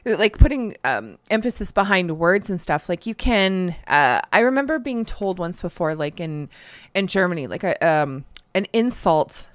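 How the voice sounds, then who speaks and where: A woman's voice: fairly low pitch, big pitch swings, moderate pace, dry recording, clean studio sound. A woman co-hosting a podcast, telling rambling stories full of fillers and laughing often. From Canada. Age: young adult to middle-aged, a parent. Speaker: podcast co-host. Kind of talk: casual podcast chat.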